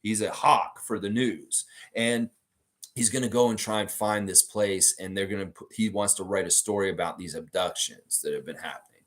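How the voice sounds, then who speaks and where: A man hosting a live basketball stream, chatting with viewers and telling an improvised story, slipping into quick character voices. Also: fairly low pitch, fairly even intonation, a bit bright. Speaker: sports podcast host.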